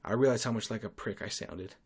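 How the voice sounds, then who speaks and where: A man's voice: fairly low pitch, a little fast, breathy edge. A young man hosting a podcast, telling stories in a crude, sarcastic rant. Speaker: podcast host. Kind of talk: solo podcast monologue.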